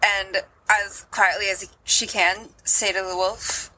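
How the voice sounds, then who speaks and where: Woman, tabletop player, slow and hesitant, bright voice, faint hiss. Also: medium pitch, level tone, poor audio. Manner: hesitant, with fillers. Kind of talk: casual tabletop play.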